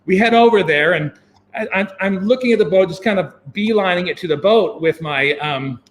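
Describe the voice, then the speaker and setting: A man telling a long personal story as an interview guest, animated and full of fillers and chuckles. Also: sits high, fairly quick. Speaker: guest, venture capitalist. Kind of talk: casual anecdote telling.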